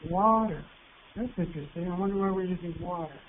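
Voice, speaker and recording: A man presenting an online teacher workshop, patient and encouraging, reading words out slowly. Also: sits high. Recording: tinny phone-like line with faint hiss.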